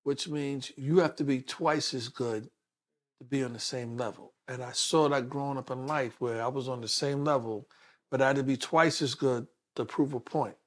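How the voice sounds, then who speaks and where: An animated man in his sixties, a detective from New York City with a New York accent, shares his life story in an interview and acts out the voices of those in it. He speaks at medium pitch and a normal speed.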